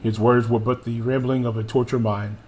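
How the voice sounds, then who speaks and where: A man's voice: mid-range voice, flat delivery, brisk, a little mellow, a little hiss or hum. A man streaming a video game who reads the cutscene dialogue aloud in a theatrical way and jokes with his chat between lines. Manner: theatrical reading, playful asides to chat. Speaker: gaming streamer.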